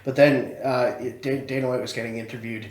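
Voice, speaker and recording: A man in a relaxed podcast chat who thinks aloud and often restarts his sentences. His voice sits in a mid range for a man. The sound rings off an echoey room. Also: medium pitch, brisk. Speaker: podcast co-host.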